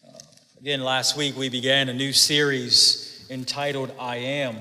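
Bright slow preaching man in echoey hall. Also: medium pitch, flat delivery. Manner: emphatic, with repeated words and filler uh. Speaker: pastor. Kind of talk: sermon.

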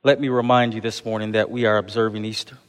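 A man's voice: lowish voice, fairly even intonation, fast, clean tone. A man preaching an Easter sermon to his congregation in a church, calling them "church" and building rhythmic repeated refrains. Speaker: pastor. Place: church sanctuary. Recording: long hall reverb.

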